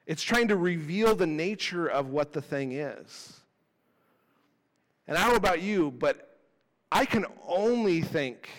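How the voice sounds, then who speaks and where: Casual preacher guy, 30s, jokey and animated, long reverb church hall. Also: fairly high pitch. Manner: animated, chatty, self-deprecating. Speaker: pastor. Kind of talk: conversational sermon.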